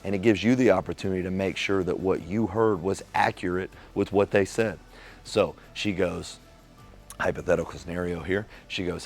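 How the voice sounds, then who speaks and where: Man, very deep voice, casual motivational talk, acts out dialogue, animated delivery. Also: moderate pace. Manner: animated storyteller acting out quoted dialogue. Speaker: relationship talk host.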